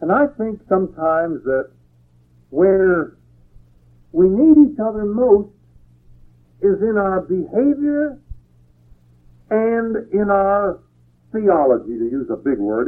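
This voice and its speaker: A man's voice: high voice, sing-song, slow, pauses often. A man preaching a sermon, reading scripture aloud and then explaining it in a plain, folksy way. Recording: tinny phone-like radio broadcast.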